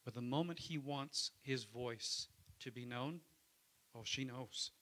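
A man preaching a Sunday sermon in church. His voice is bright and forward, and he keeps it conversational, calling out to the congregation for an amen. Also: mid-range voice, slow pace. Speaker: pastor.

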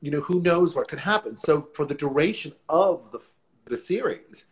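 A man's voice: on the high side, animated, normal speed. Chatty New man on a video call. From New Orleans, USA. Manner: warm, rambling storyteller with many restarts. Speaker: guest actor. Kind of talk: casual live interview over video call. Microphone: phone or laptop on a video call.

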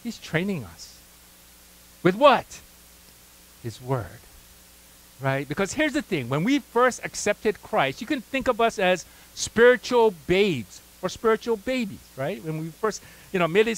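A man's voice: sits high, big pitch swings, a little slow, poor audio. A pastor preaching a sermon, conversational and full of "right?" asides, prompting his congregation to call out words.

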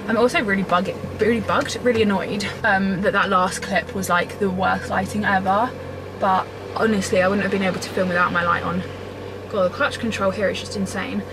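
A woman's voice: medium pitch, steady tone, fairly quick, noisy background. A woman, chatting to camera in a rambling, bubbly way as a vlogger. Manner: bubbly, rambling, lots of "literally" and "like". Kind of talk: chatty vlog talk to camera.

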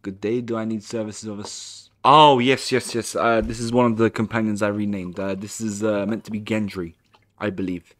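A man with a lowish, steady voice casually comments on his own gameplay at a moderate pace in a let's-play. He rambles and corrects himself while reading the game's dialogue aloud.

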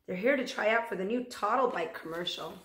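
A woman's voice: medium pitch, a little fast, a bit bright, echoey room, lightly acted. A woman voicing a friendly, matter-of-fact receptionist who explains things in a storybook read-aloud. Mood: explaining.

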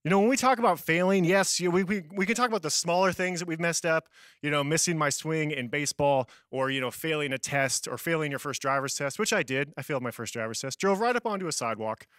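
Young male youth pastor, casual sermon, laughs at himself, slightly high pitch, dry sound. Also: quick pace, a bit bright, no echo. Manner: casual, self-deprecating storytelling with laughs.

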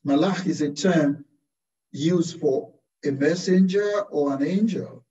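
A man, a Carmelite priest, preaching a slow, deliberate sermon full of rhetorical questions. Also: on the high side, warm tone. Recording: distant, roomy, dull-sounding recording.

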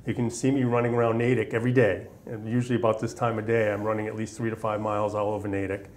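A man's voice: on the low side, little pitch movement, quick pace, darkish tone, a little hiss or hum. A man in his fifties from Massachusetts, telling his army memories in an oral history interview, rambling along with many fillers. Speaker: veteran interviewee.

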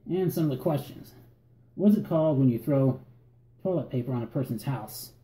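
Deep-toned Northern Virginia man, echoey room. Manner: relaxed, halting, repeats words. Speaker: vlogger. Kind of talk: reading an accent tag word list.

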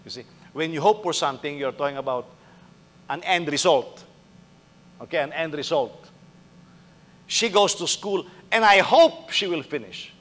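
A man's voice: a little high, lively intonation, normal speed, long pauses, fairly bright tone, long reverb tail. A male pastor preaching conversationally, acting out little dialogues and firing rhetorical questions at the congregation. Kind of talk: sermon.

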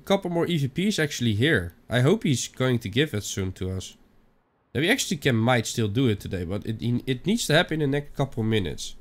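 A young man with a Dutch accent giving rambling, chatty let's-play commentary, swearing now and then. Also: medium pitch. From Netherlands. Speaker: gaming channel host.

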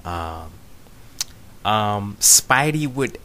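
A man's voice: lowish voice, expressive, extremely slow, sharp tone, a little hiss or hum. A man giving a rambling, casual video response, full of ums and "you know what I'm saying". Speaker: video blogger.

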